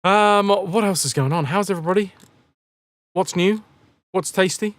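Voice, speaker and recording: A man's voice: high voice, normal speed, a bit bright, dry recording. A man chatting casually on a game live stream, rambling and joking as he answers chat messages.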